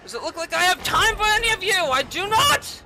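A woman giving gameplay commentary, yelling and swearing at the game, with sarcastic asides between outbursts. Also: very high-pitched, very animated, fairly quick, crowd noise, background noise. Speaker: gaming channel host.

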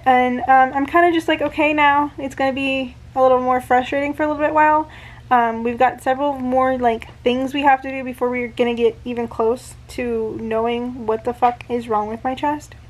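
A woman's voice: sits high, fairly even intonation, moderate pace. A young woman talking casually to her camera at home, rambling with lots of fillers and restarts, a bit out of breath. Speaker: vlogger. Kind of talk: casual vlog. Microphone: handheld camera.

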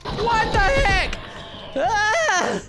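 A young man giving goofy let's-play commentary, yelling and joking at the game. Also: very high-pitched, big pitch swings, very slow, heavy background noise. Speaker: gaming commentator.

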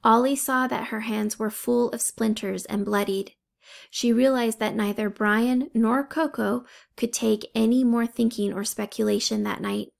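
Slow, gravelly woman reading a storybook. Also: fairly high pitch, steady tone. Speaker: audiobook reader. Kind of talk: storybook narration.

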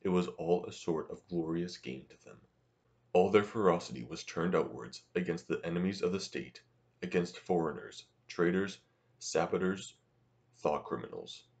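A man narrating a novel as an audiobook in a steady, measured reading. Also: low voice.

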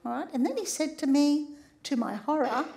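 A high-pitched middle-aged woman with an Australian accent delivers a public lecture as a sex therapist. She is humorous and keeps checking in with her audience as she goes. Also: animated, normal speed, vocal fry, warm tone.

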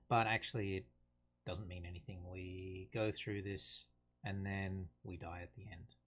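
Slow, low-voiced man explaining a play. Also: steady tone, fairly bright tone. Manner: unhurried, thoughtful, reads quotations aloud plainly. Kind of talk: casual explanatory lesson.

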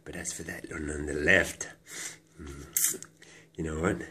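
Hushed, coaxing man, very deep. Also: steady tone. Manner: hushed, coaxing, halting, drops to whispers. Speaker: comedian. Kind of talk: absurd comedy monologue.

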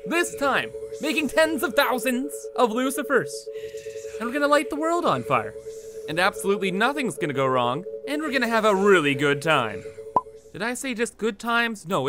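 High, lively gaming commentator man. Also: noisy background. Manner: playful, laughing, hyped. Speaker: gaming YouTuber. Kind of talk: casual gameplay commentary.

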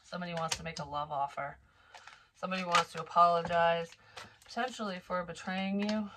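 A young woman with a slightly low voice talks through a psychic reading in a loose, rambling way, cursing freely as she goes. She coughs now and then and sounds a little wheezy. A faint hiss sits under her voice. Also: fairly bright tone. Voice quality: casual and profane, rambling. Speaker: psychic reader. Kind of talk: tarot reading monologue.

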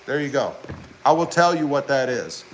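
A middle-aged man hosting a live stream, chatting with viewers and reading their comments aloud in an excitable, chatty way. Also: medium pitch, normal speed, a little hiss or hum, rough recording. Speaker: YouTube car channel host.

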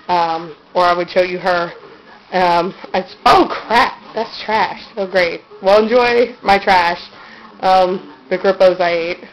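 A woman's voice: medium pitch, slight background noise, low-quality recording. Giggly rambling woman on a camera mic. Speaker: vlogger giving a room tour. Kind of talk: casual handheld room-tour chat. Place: her own bedroom, indoors. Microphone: handheld camera's built-in mic.

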